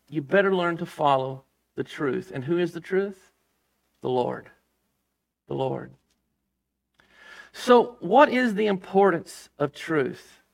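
A man's voice: high-pitched, gravelly, fairly bright tone. A man preaching a sermon as pastor, emphatic, reading scripture aloud and dropping his voice for stress.

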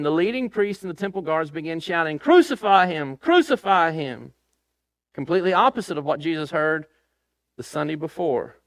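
Male pastor, slightly high voice, emphatic sermon delivery, dry close mic. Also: no echo. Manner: emphatic, rising to loud questions. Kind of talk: sermon with scripture reading. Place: church.

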